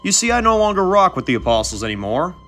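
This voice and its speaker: A swaggering male chainsaw mercenary, as a man puts him on, drawling and mocking, tossing out pet names. The voice sits higher than the reader's own and rings bright, with faint music underneath. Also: big pitch swings, fast. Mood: menacing. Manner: drawling, mocking, calls people darling.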